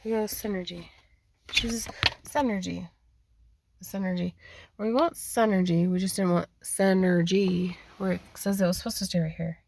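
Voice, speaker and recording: A woman's voice: mid-range voice, moderate pace, gravelly, pauses often, darkish tone, slight background noise. A woman giving an intuitive card reading in a rambling, repetitive way, often speaking quoted messages aloud. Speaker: spiritual card reader.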